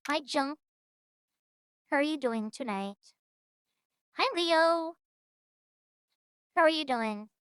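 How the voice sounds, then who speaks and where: A woman's voice: sits high, slow pace, long pauses, no echo. A woman streaming a game, chatting casually and a bit scattered with her viewers. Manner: scattered, animated, talks to chat. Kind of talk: casual gameplay chat.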